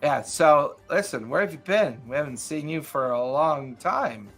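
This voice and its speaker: Man voicing a sloshed, pushy cat-man party animal, a little high, music faint behind. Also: expressive, a little slow, a bit bright, exaggerated voice. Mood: tipsy, chatty. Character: drunk male tabaxi cat-folk carouser, pushy and friendly.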